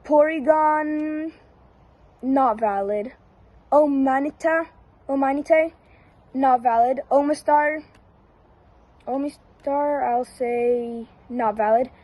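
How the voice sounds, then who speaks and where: Woman, high voice, slow pace, casual, flat repetitive verdicts. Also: no room sound, rough recording. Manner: flat, repetitive one-word verdicts with brief hesitations. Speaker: YouTuber. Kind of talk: casual rapid-fire verdicts on a list.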